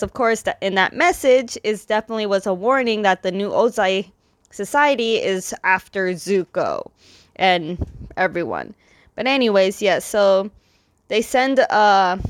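A woman casually recapping a story, rambling loosely with lots of fillers and slipping into quick, light impressions of the characters' lines. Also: mid-range voice, dry recording, studio quality. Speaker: comic recap host.

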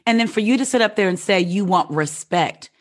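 Mid-pitched married woman, animated storyteller, casual chat. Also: fairly quick. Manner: animated storyteller, acts out quotes.

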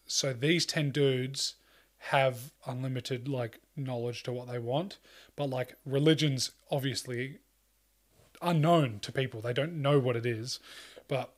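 Rambling, swearing man in casual chat. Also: mid-range voice. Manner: rambling with many fillers and swearing; acts out quoted lines in a loose voice.

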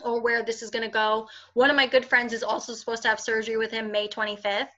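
A woman's voice: a little high, level tone, quick pace, sharp tone. A woman talking candidly in a casual conversation as an interview guest, chatty, with frequent fillers. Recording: dull lo-fi recording.

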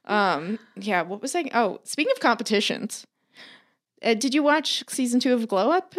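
A young woman telling stories in casual chat, animated, peppering her speech with "like" and laughing often. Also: fairly high pitch, moderate pace. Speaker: podcast co-host.

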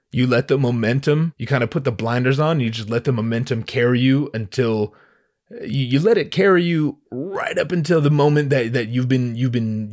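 A man hosting a podcast, telling a story in a casual, animated way, with lots of stammering restarts and profane slang. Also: medium pitch. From Southern California. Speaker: podcast host.

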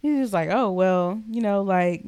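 Animated young woman telling a story. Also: medium pitch, unhurried, smooth. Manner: animated, swearing, acts out quotes. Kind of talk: casual storytelling chat.

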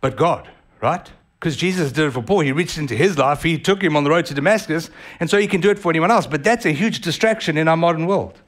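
A man with a South African accent preaching a sermon as pastor, animated and vivid in delivery. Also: a little high, quick pace, hardly any pauses. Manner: animated, acts out voices of others.

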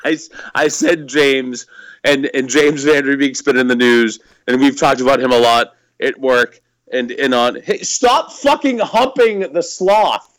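A man's voice: mid-range voice, little pitch movement, unhurried, a bit bright, no room sound, poor audio. A man co-hosting a podcast, rambling and laughing a lot as he swears his way through casual wrestling chat. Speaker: podcast co-host.

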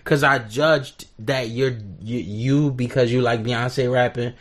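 A man's voice: mid-range voice, fairly even intonation, takes it slowly. A man co-hosting a podcast in casual chat, explaining his point at length and teasing. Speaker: podcast co-host.

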